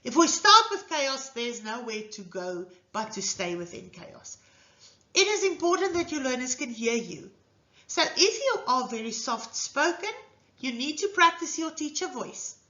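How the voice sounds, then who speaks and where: A woman lectures on classroom teaching in an earnest, emphatic, coaching way. Her voice sits high and bright, with lively swings in pitch. The sound is echoey and a little dull, like a lo-fi room recording. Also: a little slow. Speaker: teacher trainer. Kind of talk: instructional lecture.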